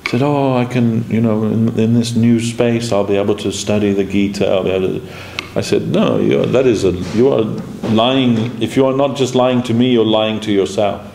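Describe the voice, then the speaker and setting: A man's voice: fairly low pitch, steady tone, normal speed, gravelly, hardly any pauses, warm tone. Man giving a storytelling devotional class. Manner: storytelling, acts out quoted dialogue, chuckles. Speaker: spiritual teacher giving a class. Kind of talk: informal devotional class with anecdotes. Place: temple lecture room. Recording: echoey room, faint background noise.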